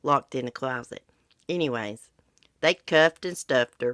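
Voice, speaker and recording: A woman's voice: very deep voice, unhurried, a bit bright, no echo, clean studio sound. A congested middle-aged woman, hosting a casual livestream chat in a blunt, chatty way. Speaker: livestream host. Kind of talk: casual chat about true crime with live viewers.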